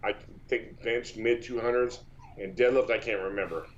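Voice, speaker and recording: A man's voice: mid-range voice, fairly even intonation, moderate pace, lo-fi sound. A man from Texas, a powerlifter, telling long casual stories in an interview, with many false starts and repeats. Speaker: powerlifter guest.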